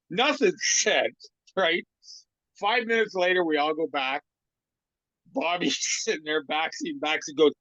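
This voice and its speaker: A man's voice: high voice, dry recording. A man in his sixties, a former hockey trainer turned comedian, telling a long anecdote as an interview guest and acting out the quoted lines of the people in it. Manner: lively yarn-spinner who acts out other people's quoted lines. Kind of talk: anecdotal storytelling in a podcast interview. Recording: dry, slightly muffled sound.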